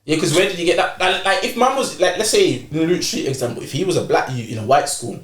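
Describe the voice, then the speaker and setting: A young man with a Birmingham accent pushing his point in fast, insistent, slangy casual chat. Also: a little high, lively intonation. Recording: echoey room.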